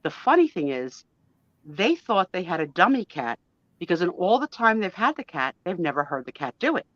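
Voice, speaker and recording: Woman, fifties, gushing storyteller, slightly low voice, lo-fi dull sound, video call. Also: very animated, normal speed, no room sound. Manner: emotional, gushing and chatty, mild swearing. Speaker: guest on a live chat show. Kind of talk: casual storytelling chat.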